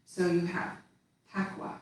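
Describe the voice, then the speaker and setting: Female tai chi teacher, unhurried spoken cues, recorded from a distance in a roomy space. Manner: slow, calm counting of movement cues. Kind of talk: guided movement class. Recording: echoey room, far from mic, faint hiss.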